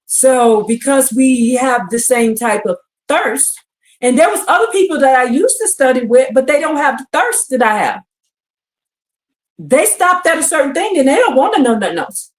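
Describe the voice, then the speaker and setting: A woman teaching scripture on a live stream, reading verses aloud and firing questions at her listeners with excitement. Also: high-pitched, normal speed. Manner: animated and exclamatory, reads verses then asks the audience questions. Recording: echoey room.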